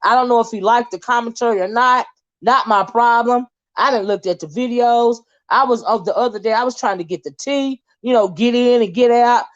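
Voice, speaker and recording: A woman's voice: fairly high pitch, brisk, muffled recording. A woman hosting a casual gossip livestream, chatty and drawling. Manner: chatty, drawling, calls viewers child and honey. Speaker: livestream host.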